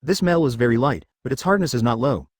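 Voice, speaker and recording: A man reading a fantasy web novel as scripted audiobook narration, in a rapid, lively storytelling manner. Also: medium pitch, husky, no room sound, clean studio sound.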